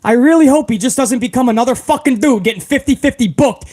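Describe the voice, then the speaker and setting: High-voiced man ranting on a live stream. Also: fast. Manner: profane, animated, calls viewers bro. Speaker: live stream host reading chat. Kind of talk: casual live stream rant.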